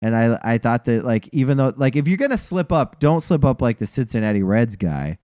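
A man's voice: mid-range voice, very animated, brisk, mellow, clear, resonant tone, no room sound. Laid-back man in his forties, dry sound. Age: 40s. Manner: rambling, heavy on fillers and laughs. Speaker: podcast co-host. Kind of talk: casual sports chat.

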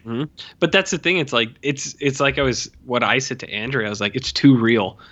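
A man's voice: medium pitch, a little fast, highs cut off. Rambling man chatting about a film. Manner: rambling, many fillers, animated quoting of characters. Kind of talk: casual film discussion.

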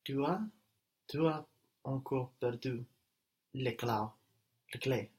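Man, language learner, halting and tentative, slow, slightly husky. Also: medium pitch, darkish tone. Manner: hesitant, repeats words while working out answers. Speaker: language student. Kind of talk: answering in a language lesson.

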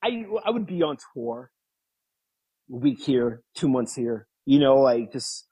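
A man in his thirties, a guest in an interview, telling stories casually, laughing often and acting out quotes in a higher voice. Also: big pitch swings, a little slow, mellow, husky, rough recording. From New York. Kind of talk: casual storytelling.

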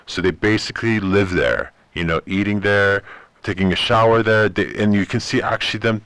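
A fairly low-voiced man, a native Persian speaker, tells stories as an interview guest. He talks in an animated way and acts out the people he quotes. The sound is dry and close. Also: normal speed, clean tone, no echo. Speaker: ministry guest. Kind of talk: interview storytelling.

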